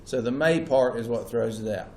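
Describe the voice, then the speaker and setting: A man's voice: mid-range voice, normal speed, mellow. Male teacher, patient lecture that keeps checking on the class, echoey classroom with a faint hum. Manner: checks in with students often.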